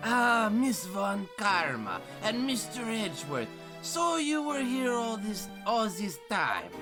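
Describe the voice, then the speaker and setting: A pompous old foreign ambassador, put on by a man speaks in a shifting European accent. He is formal and hesitant, padding his lines with polite fillers. His pitch swings widely, and game music plays underneath. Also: very animated, unhurried. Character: older male foreign ambassador, pompous and smooth.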